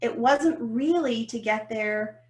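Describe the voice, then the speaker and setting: A woman, co-hosting a podcast and telling a story about business in an animated, emphatic way. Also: a little high, slow pace. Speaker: podcast co-host. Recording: roomy echo.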